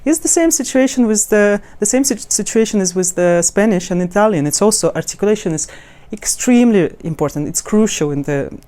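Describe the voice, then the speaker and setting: Soft-toned woman teaching pronunciation. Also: mid-range voice, animated. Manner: halting, many restarts and fillers; demonstrates words slowly and melodically. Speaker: language teacher. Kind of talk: explaining pronunciation to camera.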